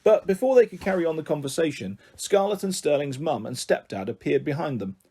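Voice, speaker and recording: Animated man reading a children's book. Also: fairly high pitch, a little fast, breathy edge. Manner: animated, expressive. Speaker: storyteller. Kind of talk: children's book read-aloud.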